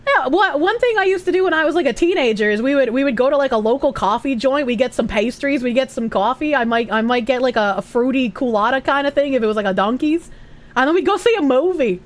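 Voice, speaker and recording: A woman's voice: sits high, lively intonation, fast talker. A young woman with a Boston accent chatting casually on a live stream, rambling, giggly and swearing freely.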